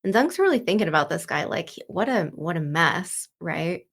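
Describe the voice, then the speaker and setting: Gravelly and lowish, this woman's voice is very animated at a moderate pace while she hosts a casual book commentary. Her retelling of the story is loose and chatty, packed with "like" and "you know."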